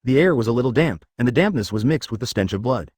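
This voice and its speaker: A male narrator reading fan fiction aloud with a lively, rising and falling pitch. His delivery is scripted and slightly synthetic. The recording is dry and close, with no room sound. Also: quick pace, husky, no room sound.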